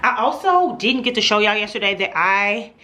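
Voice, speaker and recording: A woman's voice: mid-range voice, animated, moderate pace, sharp tone. A woman vlogging casually at home, chatting straight to her viewers as she shows what she has bought. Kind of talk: casual vlog chat. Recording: echoey room, camera at a distance.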